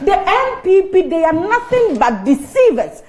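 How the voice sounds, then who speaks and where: A woman's voice: very high-pitched, sing-song, measured pace, darkish tone. A woman with a Ghanaian English accent, a guest on a TV studio talk show, giving heated political commentary full of mocking rhetorical questions.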